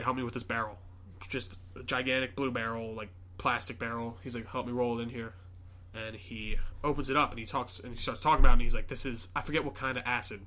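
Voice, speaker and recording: A young man hosting a podcast, casually retelling a film scene by scene, acting out the characters and swearing often. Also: medium pitch. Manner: animated storyteller, acts out scenes, swears often. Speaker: podcast host. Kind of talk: casual movie recap chat.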